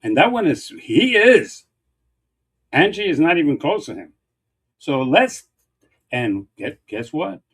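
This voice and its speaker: A man's voice: a little high, very animated, slow, long pauses, fairly bright tone, breathy edge. Emphatic man arguing politics. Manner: emphatic, repetitive, lists points one by one. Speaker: political show co-host. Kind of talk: heated political debate.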